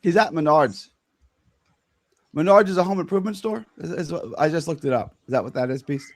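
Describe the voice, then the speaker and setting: A man arguing loudly and combatively with chat comments on a live stream. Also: a little high, brisk. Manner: combative, argumentative, loud. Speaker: regular show guest. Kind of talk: heated live-stream talk.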